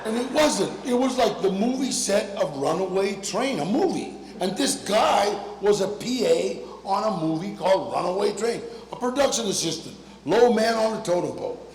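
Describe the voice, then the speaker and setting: A high-pitched older man spins animated, streetwise stories for a crowd, with slang and frequent laughter. His voice rings through a large hall with a long echo and faint room noise behind it. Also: moderate pace, vocal fry, hardly any pauses. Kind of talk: personal storytelling to an audience.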